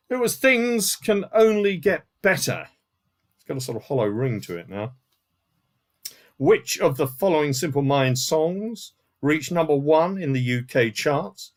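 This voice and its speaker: A man hosting a live-streamed music quiz from home, reading out answers and scores with dry joking asides. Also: medium pitch. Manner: chatty, with asides and dry jokes. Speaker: quiz host. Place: home room in front of a CD collection.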